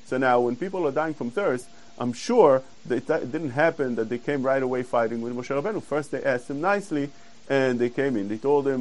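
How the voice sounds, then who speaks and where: A man giving a Torah class, explaining verses earnestly and quoting Hebrew quickly. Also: mid-range voice, darkish tone, low-quality recording. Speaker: Torah teacher.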